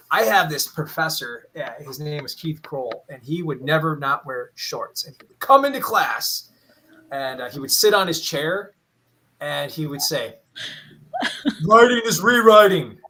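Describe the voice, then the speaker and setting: Bright-voiced joking male podcast guest. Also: on the high side, a little hiss or hum, poor audio. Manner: self-deprecating storyteller, jokey. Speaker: podcast guest and magazine contributor. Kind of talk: casual podcast chat.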